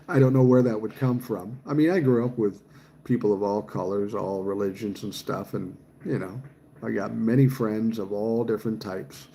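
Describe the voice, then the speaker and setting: A man's voice: lowish voice, steady tone, moderate pace, gravelly, dark tone, a little hiss or hum. A man, chatting casually on a livestream and reading viewer comments aloud, swearing freely. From Minnesota, USA. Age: 60s. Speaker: livestream host reading chat.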